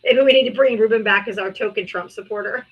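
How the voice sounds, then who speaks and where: A woman's voice: fairly high pitch, fast talker, slightly rough, muffled recording. A woman hosting a live political debate stream, talking in a brash, mocking, profane way.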